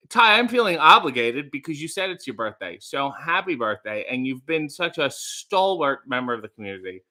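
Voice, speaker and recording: A young man hosts a loose, chatty livestream, joking and drifting off topic with dry sarcastic asides. His voice is bright and a little high for a man. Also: sing-song, normal speed, hardly any pauses. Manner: playful, rambling, sarcastic asides. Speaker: livestream host. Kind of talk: casual livestream chat, reading chat messages.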